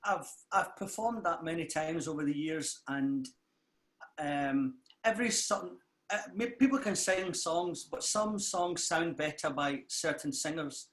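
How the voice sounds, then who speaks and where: A man's voice: a little high, a little slow, roomy sound. A man with a Glasgow accent, a singer telling stories in a casual interview and acting out what others said. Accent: Glasgow Scottish. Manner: lively storyteller who acts out what others said.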